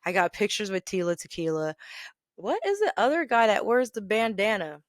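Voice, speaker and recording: A woman podcast host casually telling stories about an old retail job, chatty and animated, often laughing. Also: medium pitch, moderate pace, dry recording, studio quality. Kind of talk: casual storytelling rant.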